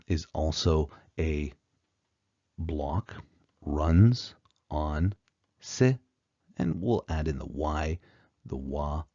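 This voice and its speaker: A man teaching an explanatory lecture, unhurried, with frequent pauses and fillers, on a dull, muffled recording. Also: a bass voice, mellow, husky, dry recording.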